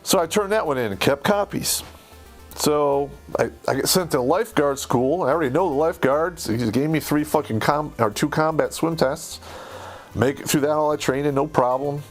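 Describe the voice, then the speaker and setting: A man, an army veteran, telling a story of his own service in a heated, profane, animated way. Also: on the high side, moderate pace, soft background music. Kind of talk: casual storytelling.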